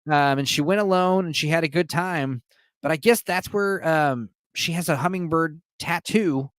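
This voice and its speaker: A man's voice: on the high side, moderate pace, no echo, clean studio sound. A man streaming alone, giving a casual, profane movie recap and laughing often.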